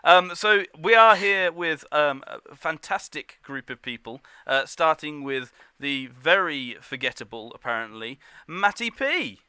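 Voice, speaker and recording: Bright, crisp-voiced man hosting a stream. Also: on the high side, animated, unhurried, few pauses, dry recording. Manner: jokey, upbeat, greets warmly. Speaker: stream host. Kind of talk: casual chat.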